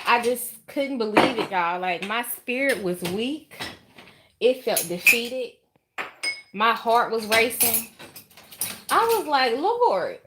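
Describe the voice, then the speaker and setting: Southern woman telling a kitchen story slowly. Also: medium pitch. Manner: animated, drawn-out storytelling with many "honey" and "y'all". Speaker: home baker vlogger. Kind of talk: casual chat to camera. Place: home kitchen. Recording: noisy kitchen with clattering dishes. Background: clinking dishes and utensils.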